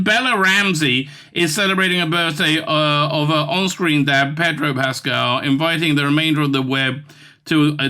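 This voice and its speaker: A male commentator rants through the news, reading articles aloud and stumbling over their wording with open scorn. His pitch sits a touch high and swings widely. His tone is sharp and bright. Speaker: commentary channel host.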